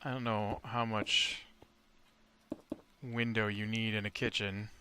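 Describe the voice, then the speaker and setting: A man's voice: on the low side, level tone, takes it slowly, pushed and bright, a little hiss or hum. A man hosting a casual Minecraft let's play, rambling through a retold tabletop session with many fillers and restarts. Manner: retells a tabletop session while building. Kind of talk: casual game commentary and storytelling.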